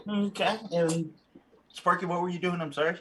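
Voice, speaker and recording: A man running a tabletop game as game master, describing scenes in halting phrases full of fillers. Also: high-pitched, steady tone, sharp tone, a little hiss or hum.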